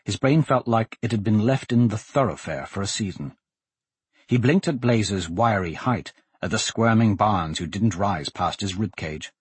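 A man narrating a fantasy novel in scripted narration, in a steady, even storytelling manner. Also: on the low side, normal speed, breathy edge, no echo. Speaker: audiobook narrator.

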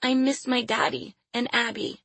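A woman's voice: on the high side, little pitch movement, normal speed, creaky, fairly bright tone, breathy edge, dry recording, voice pushed up, exaggerated voice. A woman voicing a frightened little girl who prays desperately in a pleading, tearful way.

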